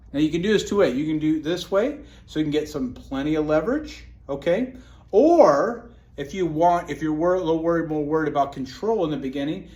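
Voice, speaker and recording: A man giving a casual how-to demonstration of a self-massage tool, talking through each step as he works. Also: fairly high pitch. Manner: relaxed, talks through each step as he works, calls the viewer buddy. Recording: echoey room with faint ambient noise.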